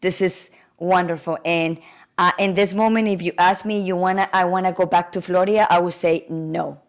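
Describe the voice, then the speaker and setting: Hoarse woman with a Colombian accent. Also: on the low side, level tone, fairly quick. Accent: Colombian Spanish. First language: Spanish. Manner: emotional, heartfelt storytelling. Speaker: guest. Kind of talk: casual conversation.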